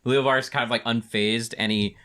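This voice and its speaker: A man's voice: mid-range voice, fairly even intonation, a little fast, bright, forceful tone. A man narrating a tabletop game as game master, loose and full of filler words.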